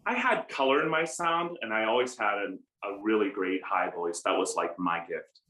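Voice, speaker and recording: A middle-aged man with an American accent speaks in a fairly low voice. He tells animated stories with self-mocking humor as a guest in an interview. The sound is roomy, with clear echo around him. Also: normal speed. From United States. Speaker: opera baritone guest. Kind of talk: conversational interview.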